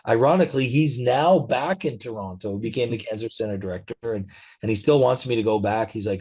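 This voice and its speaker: Here a middle-aged interview guest, speaking at a medium pitch and a fairly quick clip, tells easygoing stories full of fillers in a conversational exchange.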